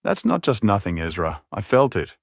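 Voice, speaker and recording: Monotone werewolf seer woman, voiced by a male narrator, low-pitched, dry audiobook sound. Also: normal speed, vocal fry, dry recording. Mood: calm, uneasy. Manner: flat, monotone delivery. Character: worried young werewolf woman, calm seer.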